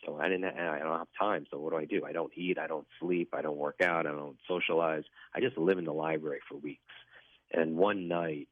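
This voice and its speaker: A man's voice: a bass voice, fairly even intonation, fairly quick, no room sound. A man telling his personal story as a guest in a radio interview, in an earnest, reflective way. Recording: dry tinny phone line.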